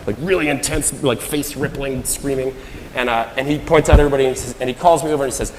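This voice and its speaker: Man, conference talk, energetic anecdote, voices the people in his story, roomy echo, lingering hall reverb. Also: mid-range voice, fast, slight background noise. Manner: animated storyteller, acts out quoted lines. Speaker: conference speaker. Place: large hall.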